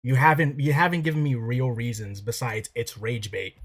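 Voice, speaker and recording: A man's voice: medium pitch, steady tone, normal speed. A man on a voice call, bluntly pressing his guest for answers and brushing her off. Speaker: interviewer on a voice call. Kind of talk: heated argument on a voice call. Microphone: computer mic on a voice call.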